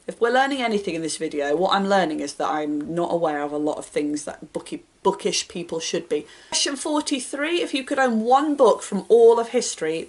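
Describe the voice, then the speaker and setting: Chatty self-deprecating woman book vlogger. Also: medium pitch. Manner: reads each question out brightly, then answers offhand and self-deprecating. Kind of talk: casual chat answering a book tag.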